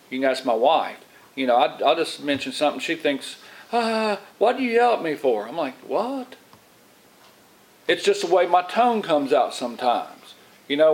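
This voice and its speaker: A middle-aged lay preacher gives an informal Bible teaching in a fairly high-pitched voice, and the audio is poor. His sermon rambles with restarts and repeated words, and he often acts out what other people say.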